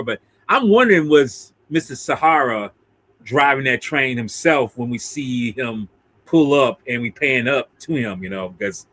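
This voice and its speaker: A man's voice: medium pitch, bright, forceful tone. A man casually recapping an old monster film, laughing often and acting out the characters in mock voices. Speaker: co-host of a film discussion video. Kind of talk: casual movie recap chat.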